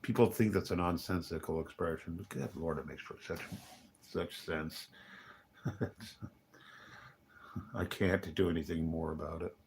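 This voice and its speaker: A man's voice: low-pitched, a little slow, creaky, pauses often, a little mellow, slight background noise. A man rambling through a casual livestream monologue, wry and grumbling, muttering asides and chuckling to himself. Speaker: livestreaming vlogger. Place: hotel.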